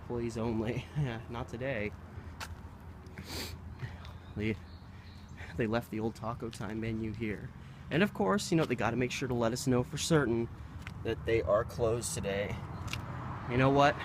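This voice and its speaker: A man's voice: medium pitch, a little slow, pauses often. A man chatting and rambling as he walks a city street, filming himself and swearing casually as he talks. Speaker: local history vlogger. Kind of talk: casual walking vlog. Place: outdoors on a busy city street. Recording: street traffic noise behind.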